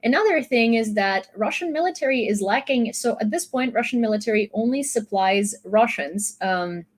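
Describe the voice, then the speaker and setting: A woman's voice: a little high, animated, moderate pace. A young woman from Ukraine, chatting loosely through a news recap with fillers and restarts. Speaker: YouTube news host. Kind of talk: casual news commentary.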